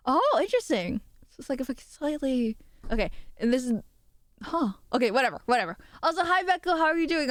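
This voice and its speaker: A woman's voice: fairly high pitch, smooth, dry recording, clean studio sound. A woman streamer chatting casually with her chat, rambling and giggling as she talks. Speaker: VTuber streamer.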